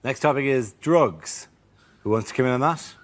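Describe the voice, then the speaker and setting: A man hosting a comedy panel show, announcing topics and calling on guests in a brisk, upbeat way. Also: mid-range voice, slight background noise.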